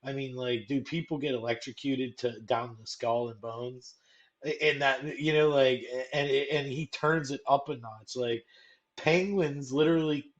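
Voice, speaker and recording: A man's voice: mid-range voice, steady tone, measured pace, dull audio. A young man co-hosting a casual movie chat, rambling and filling his talk with "like". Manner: rambling, full of "like", acts out quotes. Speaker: co-host.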